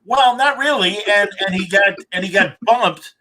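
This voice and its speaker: A man's voice: high voice, normal speed, crowd noise. A man hosting a casual chat, telling stories eagerly with frequent restarts. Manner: enthusiastic storyteller, hesitant restarts. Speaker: podcast host.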